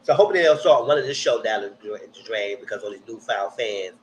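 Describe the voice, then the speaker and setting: A man giving a blunt, slangy live recap of a TV show, jumping up high in pitch when he quotes people. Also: fast talker, highs cut off, a little hiss or hum. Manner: animated, jumps high when quoting people. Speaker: TV recap streamer. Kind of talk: live casual TV recap commentary.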